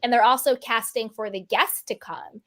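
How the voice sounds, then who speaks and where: A chatty woman host with a slightly high voice, talking fast and loose about reality shows. She jumps into playful voices to act out her own reactions. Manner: animated, quotes herself in playful voices. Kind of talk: casual chat about reality TV.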